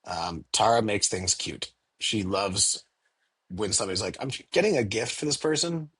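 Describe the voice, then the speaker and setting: A candy store owner in a casual interview, talking animatedly and acting out little quoted exchanges in a raised voice. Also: male voice, mid-range voice, normal speed, slightly rough, dry recording.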